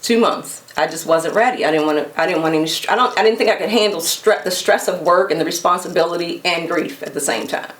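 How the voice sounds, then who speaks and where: Casting: woman with a lowish voice, earnest and advising, recorded from a distance in an echoey room. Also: fast, few pauses. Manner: earnest, gently advising, with restarts. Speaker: guest sharing her story. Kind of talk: personal testimony.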